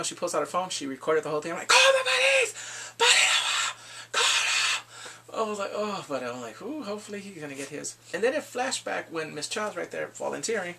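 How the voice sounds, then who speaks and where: A man casually recapping a drama's plot, animated and acting out his own reactions with whoops and exclamations. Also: fairly high pitch, vocal fry, recorded from a distance, slight background noise. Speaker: drama reviewer.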